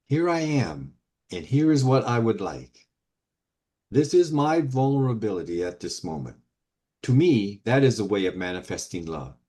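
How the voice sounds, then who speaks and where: A man in a discussion group, speaking in a thoughtful, measured way as he shares his reflections. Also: lowish voice, darkish tone. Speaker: group member reading a question.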